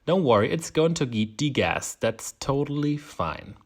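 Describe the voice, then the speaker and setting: A home baker with a German accent hosts a casual baking tutorial on his channel, chatty, self-deprecating and often laughing. His mid-range voice is sing-song and measured in pace.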